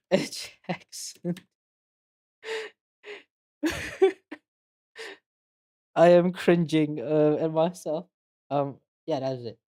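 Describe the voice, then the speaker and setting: A woman's voice: low voice, warm tone. A woman streaming a game, chatting casually with lots of giggles and self-deprecating asides.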